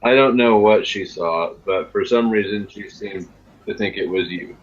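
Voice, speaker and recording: A man's voice: lowish voice, moderate pace, slightly rough. A man co-hosting a podcast, trading crude, teasing jokes in casual chat. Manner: teasing, crude joking banter. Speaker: podcast co-host. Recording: dull lo-fi sound.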